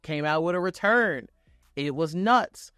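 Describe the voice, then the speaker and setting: Excitable, foul-mouthed man recapping wrestling. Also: a little high, a little slow, clear, resonant tone, no echo, studio quality. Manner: excitable, profane play-by-play retelling. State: on vacation. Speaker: wrestling reviewer. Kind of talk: casual reaction review.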